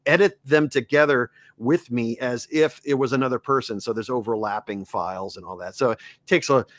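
A man's voice: mid-range voice, a bit bright, dry recording. Man, voice actor, podcast guest, enthusiastic, casual, dry close sound. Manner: enthusiastic, slips into character voices for quick impressions. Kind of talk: casual chat.

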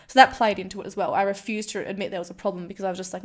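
A woman's voice: medium pitch, steady tone, racing, hardly any pauses. A woman speaking in a candid personal monologue, frank and self-deprecating, often quoting her own inner voice. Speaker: vlogger sharing a personal story.

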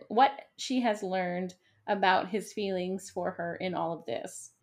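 A woman co-hosting a podcast, recapping a show in casual chat with quick asides and frequent laughter. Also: mid-range voice. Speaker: podcast co-host.

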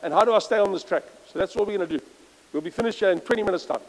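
A man's voice: high voice, very fast, big-room sound, poor audio. A man giving an informal church sermon, reading scripture aloud with emphasis and chatty, self-correcting asides. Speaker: lay preacher.

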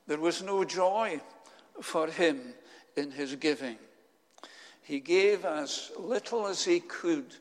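A man preaching a sermon, telling a story with slow, solemn pauses. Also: on the high side, creaky, a bit bright, big-room sound.

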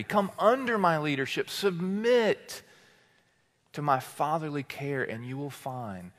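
A man's voice: a little high, fairly bright tone, in a large hall. A man preaching a sermon as teaching pastor, building emphatic repeated phrases with passion.

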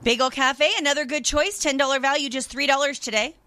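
A woman hosting a radio call-in show, brisk, cheerful and friendly as she takes callers' orders. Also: sits high, steady tone, sharp tone. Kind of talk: upbeat on-air call-taking. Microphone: studio microphone.

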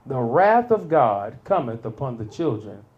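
Preacher guy, slow and lively, laughs a lot and gets loud on the big lines. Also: mid-range voice, dull audio. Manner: expressive, laughs between points, rises to loud peaks. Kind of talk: sermon.

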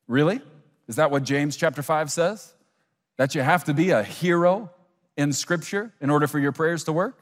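A man's voice: fairly high pitch, animated, normal speed, long reverb tail. A man preaching a sermon as a pastor, acting out imagined listeners and little scenes as he goes.

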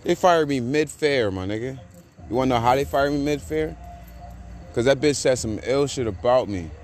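A man hosting a casual podcast, talking in slang, repeating catchphrases and getting loud and excited. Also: mid-range voice, moderate pace, a little hiss or hum. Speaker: podcast host. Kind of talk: casual hyped-up podcast monologue.

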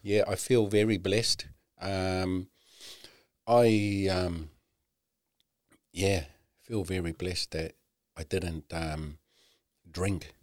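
A middle-aged man, a podcast guest, candidly telling a personal story, swearing often and halting with many "you know"s. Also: low voice, steady tone, darkish tone, dry recording, clean studio sound.

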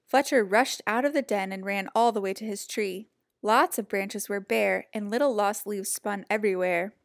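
A woman reading a children's picture book aloud in a gentle, expressive storytelling voice. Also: medium pitch, moderate pace, no room sound, clean studio sound.

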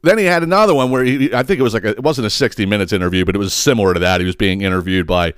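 A man's voice: on the low side, racing, clean tone, no room sound, studio quality. A man hosting a podcast, ranting about politics with heavy swearing and repeated words. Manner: emphatic, swearing, repeats himself. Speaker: podcast host. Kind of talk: profane political rant.

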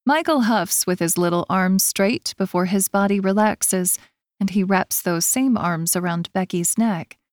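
A woman's voice: mid-range voice, unhurried, dry recording, studio quality. A woman narrating a romance audiobook in first person, voicing the characters in turn.

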